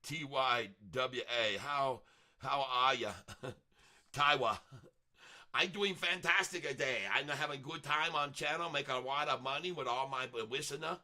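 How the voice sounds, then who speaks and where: A man's voice: mid-range voice, a little slow, sharp tone. A man putting on a giggly broken-English voice. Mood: gleeful. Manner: broken grammar, giggling, playful. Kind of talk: live-stream voice bit.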